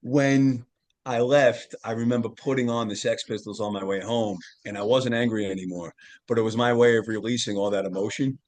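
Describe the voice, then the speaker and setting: Man, middle-aged, earnest, animated storytelling, casual podcast guest. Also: mid-range voice, brisk. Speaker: podcast guest, tarot reader and author.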